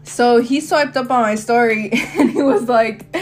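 A woman's voice: a little high, measured pace, soft background music. A young woman hosting her own podcast, telling a candid, slang-heavy story in a rambling, casual way with frequent laughs. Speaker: podcast host. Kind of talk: casual solo podcast chat.

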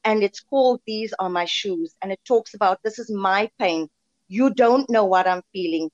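A woman calling in to a live show, speaking haltingly with many pauses and fillers. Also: mid-range voice, no echo. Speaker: call-in guest, radio presenter. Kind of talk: heartfelt call-in message. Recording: dull, lo-fi remote line.

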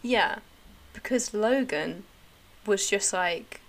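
A young woman chatting casually with a friend, her voice sitting at an ordinary middle pitch. She talks in quick bursts, leaning on "like" as she tells a story with enthusiasm. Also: animated. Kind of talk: casual chat.

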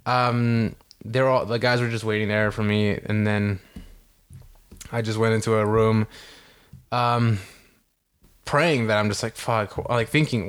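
A young man casually telling a story on a podcast, animated and swearing a lot, acting out what people said. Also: lowish voice, a little slow, pauses often, clean tone. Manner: animated, heavy swearing, acts out quotes. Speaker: podcast co-host.

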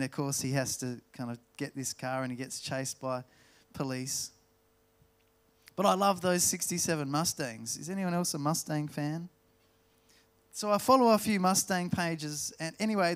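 Male Australian preacher, slightly high voice, relaxed storytelling sermon with slow emphasis. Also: clear, resonant tone. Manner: storytelling, slows down to stress key words. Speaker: pastor.

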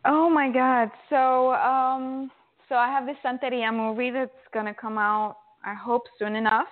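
A woman's voice: on the high side, flat delivery, measured pace. A woman speaking as a guest in a casual interview, chatty and full of "like" and "you know". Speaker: guest actress. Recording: tinny phone line.

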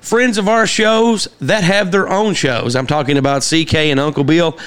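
Male podcast host, slightly high-pitched, loose and meandering, filler-heavy delivery. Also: steady tone, moderate pace, fairly bright tone, smooth. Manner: rambling with many fillers and restarts. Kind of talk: casual chat and show shout-outs.

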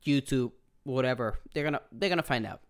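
A man's voice: mid-range voice, brisk, clean tone. A man hosting a casual podcast chat, swearing freely and dropping Spanish phrases into his English. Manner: profane, laid-back, mixes in Spanish phrases. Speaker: podcast host.

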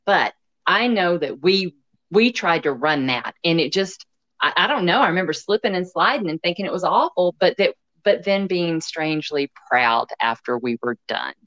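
A woman's voice: lowish voice, lively intonation, moderate pace, a bit bright, no echo. A woman from Canada who coaches runners, talking casually in a reflective, earnest way with stammering restarts. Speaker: running coach. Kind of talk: casual chat. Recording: dry, slightly dull sound.

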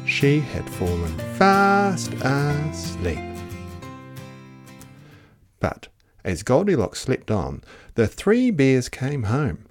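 A storyteller reads a children's book aloud in a playful, expressive way. The delivery is slow with wide swoops of pitch, and a gravelly texture runs through the voice. Faint music plays underneath.

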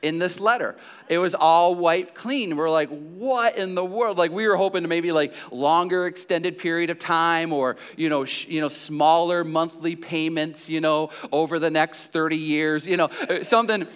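A man's voice: a little high, steady tone, normal speed, fairly bright tone, clean tone. A man preaching a sermon, telling a joking personal story and putting questions straight to his congregation. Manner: jokey storyteller who questions the congregation directly. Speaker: pastor.

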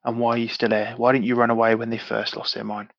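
A man playing a tabletop game, talking in character in a blunt, sweary, lively way. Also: medium pitch, fast talker, vocal fry, no echo, highs cut off. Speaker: player.

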